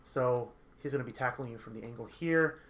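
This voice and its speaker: A game master running a tabletop session lays out the rules in rapid, faltering bursts with frequent restarts. His voice is medium-pitched and fairly bright.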